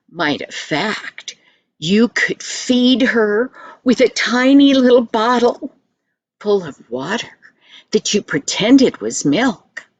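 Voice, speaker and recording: An older woman telling a children's story in a gentle, sing-song manner, speaking to the listener directly. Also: on the high side, dry recording.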